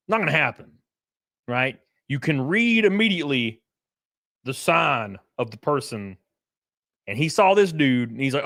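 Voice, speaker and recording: A man in casual live-stream commentary, his fairly high voice swinging widely as he reacts. He swears freely and acts out the people in his stories. The sound is dry and close. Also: fairly quick, no echo. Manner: animated, profane, acts out quotes in stories.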